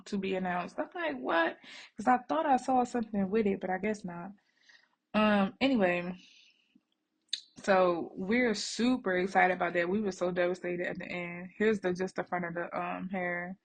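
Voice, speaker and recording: Working on a bed at home, a mother braids her daughter's hair while vlogging, talking casually and rambling to her viewers, whom she calls y'all. She has a fairly low voice with vocal fry.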